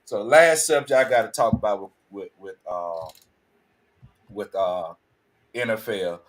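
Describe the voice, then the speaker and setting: Halting man hosting sports talk. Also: lowish voice. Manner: halting, restarts often, teasing. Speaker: co-host. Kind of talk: casual sports chat.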